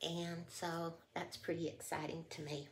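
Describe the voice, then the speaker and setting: A woman's voice: deep voice, little pitch movement, unhurried, noisy background. A woman vlogger chatting casually to camera, heartfelt and emotional, often trailing off mid-thought. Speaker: haul vlogger.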